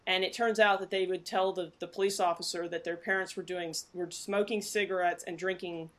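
A woman co-hosts a podcast, chatting casually and rambling with plenty of fillers. Her voice sits fairly low, her tone stays steady, and she speaks rather quickly.

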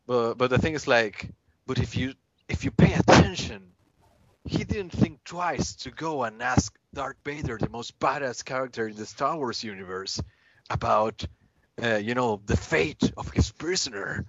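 A man who is a guest on a podcast, explaining things in a rambling, halting way in casual chat. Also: medium pitch, fairly bright tone, no echo. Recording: dry, dull lo-fi podcast audio.

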